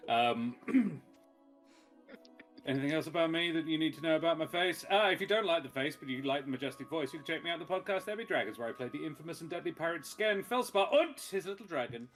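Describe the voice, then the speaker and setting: A man's voice: a little high, animated, fast, a bit bright, faint music behind. A man, a tabletop game player, chatting casually before a session, rambling and joking and laughing often. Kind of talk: casual pre-game chat.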